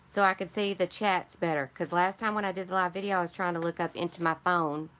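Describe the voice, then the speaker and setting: A woman's voice: fairly low pitch, steady tone, fast talker, a bit bright. Chatty woman with a Michigan accent. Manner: rambling, chatty, greets and answers viewers. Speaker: craft channel host. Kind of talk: casual live-stream chat.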